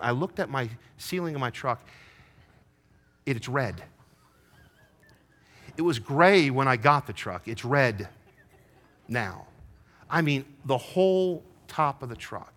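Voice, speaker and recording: A middle-aged man preaching a sermon, telling a personal story, moving from hushed confession to rising fervor. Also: mid-range voice, lively intonation, measured pace, long pauses. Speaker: pastor.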